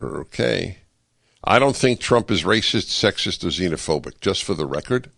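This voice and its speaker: A man hosting a talk radio show, giving a political commentary monologue in an animated, sarcastic way with wry asides, speaking into a studio microphone. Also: low-pitched, normal speed, vocal fry, dry recording.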